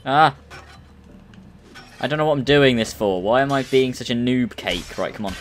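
A young man, giving chatty, excitable commentary while playing a video game. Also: medium pitch, moderate pace, soft background music. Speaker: let's play gamer. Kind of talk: casual gameplay commentary.

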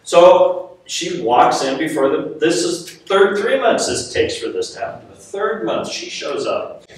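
A man preaching a sermon to a live audience, telling a personal story in an animated, self-mocking way and laughing often. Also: sits high, measured pace. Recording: echoey hall, mic at a distance.

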